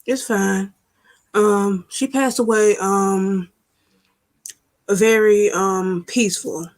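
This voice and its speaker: A woman calling into a live panel, soft and hesitant, unwell with covid. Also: mid-range voice, steady tone, very slow. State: sick with covid. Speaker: caller.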